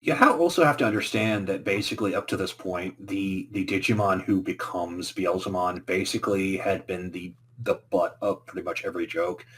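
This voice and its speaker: A man co-hosting a casual podcast who calmly explains background details. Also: low voice, normal speed, hardly any pauses, slightly rough. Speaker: podcast co-host.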